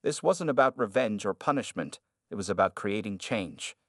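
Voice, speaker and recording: Steady man narrating a story. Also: on the low side, moderate pace, no room sound, clean studio sound.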